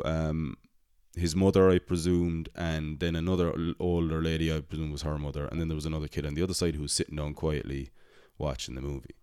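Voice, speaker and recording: A man's voice: low voice, a little mellow, clean tone, no echo, clean studio sound. A young man telling a rambling, casual story about his cinema job. He swears often and pokes fun at himself. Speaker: podcast host, cinema worker.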